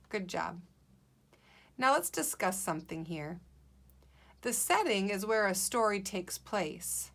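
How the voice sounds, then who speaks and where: A woman teacher giving a guided reading lesson to young children, slow, clear and encouraging. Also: mid-range voice, sing-song, fairly bright tone.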